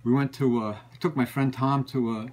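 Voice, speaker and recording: A man's voice: mid-range voice, fairly even intonation, fairly quick, a little mellow, poor audio. A man, a book collector, telling stories in a rambling casual way, often repeating and restarting phrases. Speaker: book collector and show regular. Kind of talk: casual storytelling.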